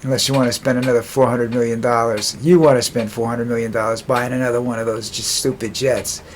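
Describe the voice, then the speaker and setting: A man giving casual political commentary in a vlog, rambling and sarcastic, with scornful asides and frequent halting restarts. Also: medium pitch, little pitch movement, slight background noise.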